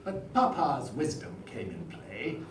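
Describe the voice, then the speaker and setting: Etonian accent, man as a pompous posh politician, boastful rhyming verse, slow, echoey hall, noisy room. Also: mid-range voice, big pitch swings. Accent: upper-class English (Etonian). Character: pompous posh male prime minister, boastful rake. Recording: roomy hall, far mic, noisy.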